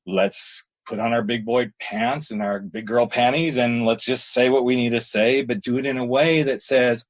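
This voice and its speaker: A man hosting a podcast interview, telling stories in an animated way and laughing often. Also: mid-range voice, normal speed, hardly any pauses. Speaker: podcast host. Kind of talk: casual interview chat.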